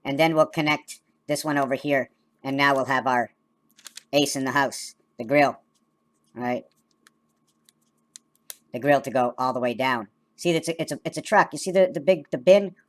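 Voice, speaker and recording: A woman's voice: a bass voice, moderate pace, pauses often. A woman talking loosely through her own drawings and designs, wandering from idea to idea and often checking in with "right?". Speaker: video maker explaining her drawings. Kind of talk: rambling casual explanation.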